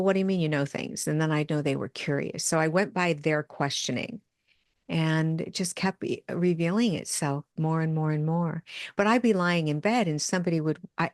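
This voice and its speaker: Low-voiced older woman telling stories. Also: no room sound, clean studio sound. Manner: animated, acts out remembered dialogue. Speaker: medium and addiction counselor. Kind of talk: podcast interview storytelling.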